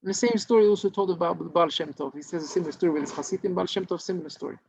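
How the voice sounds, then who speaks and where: A man's voice: sits high, rapid-fire, vocal fry, darkish tone, a little hiss or hum. A man, a rabbi, telling a story in an informal Torah class, with many restarts and Hebrew terms. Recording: dull lo-fi recording.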